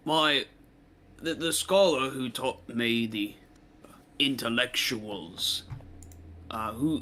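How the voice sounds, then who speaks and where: Player, man, mid pitch, bright tone, casual and halting. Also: a little hiss or hum. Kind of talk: tabletop game play.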